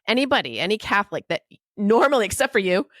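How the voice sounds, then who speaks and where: A woman's voice: mid-range voice, sing-song, fast talker, a bit bright, dry recording, studio quality. A woman hosting a podcast interview, encouraging and enthusiastic toward her guest. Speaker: podcast host.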